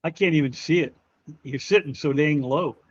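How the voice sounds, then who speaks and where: Laughing man host, slightly high voice. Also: moderate pace, husky, lo-fi sound. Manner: laughs often, chatty. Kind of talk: casual livestream chat.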